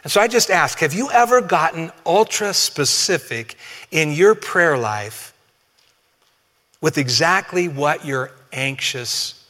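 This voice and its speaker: Bright-voiced preacher in a reverberant hall. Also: male voice, a little high, expressive, takes it slowly. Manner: conversational, humorous, addresses congregation directly. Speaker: pastor. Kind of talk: sermon.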